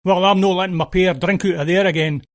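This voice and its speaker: A man with a Scottish accent voicing a crabbit, ill-natured male farm horseman who talks gruffly and sneers. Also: sits high, fairly even intonation, quick pace, no room sound, clean studio sound. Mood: scornful.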